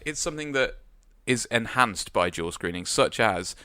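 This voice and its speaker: A man's voice: mid-range voice, expressive, normal speed, bright, forceful tone, dry recording. A man co-hosting a podcast in a radio studio, rambling casually with lots of hesitant fillers. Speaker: podcast co-host. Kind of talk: casual chat.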